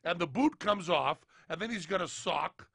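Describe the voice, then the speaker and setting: A man's voice: high-pitched, expressive, moderate pace, gravelly, sharp tone, slightly rough, no room sound, studio quality. A man telling a rambling comic story on a podcast, acting out both sides of an imagined conversation. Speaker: podcast co-host.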